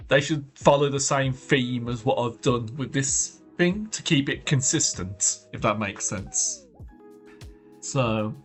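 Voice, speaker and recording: A man's voice: mid-range voice, huge pitch swings, takes it slowly. A man chatting casually on a livestream while he draws, thinking aloud in loose, trailing phrases. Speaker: art streamer. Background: faint background music.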